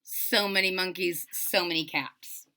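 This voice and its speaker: A woman reading a children's storybook aloud, playful and expressive, with chatty asides to young listeners. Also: fairly low pitch, measured pace. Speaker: storybook reader.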